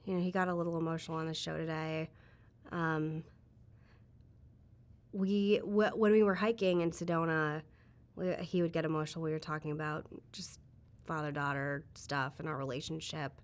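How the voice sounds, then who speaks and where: Woman, low register, candid interview guest, reflective, filler-heavy. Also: steady tone, moderate pace. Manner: chatty, frequent "like" fillers, reflective.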